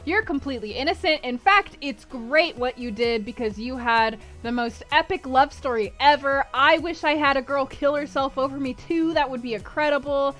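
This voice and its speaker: Woman doing a cynical posh guy, totally callous, breezy, kinda loud. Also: high voice, normal speed, few pauses, soft background music. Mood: flippant. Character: flippant cynical aristocratic man.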